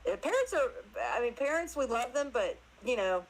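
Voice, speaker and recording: A woman guest telling casual stories in an animated way, laughing often and acting out other people's voices. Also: fairly high pitch, normal speed, rough recording. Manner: animated, laughs often, acts out her mother's voice. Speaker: interview guest. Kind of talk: casual storytelling chat.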